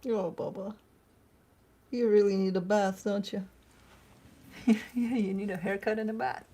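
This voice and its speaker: A woman with a voice of ordinary, mid-range pitch chatting loosely to her live-stream viewers from home. She drifts into fond, cooing talk with her dogs, fussing over them as she goes. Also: steady tone, measured pace, warm tone. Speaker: tarot reader hosting a live stream. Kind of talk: casual live-stream chat.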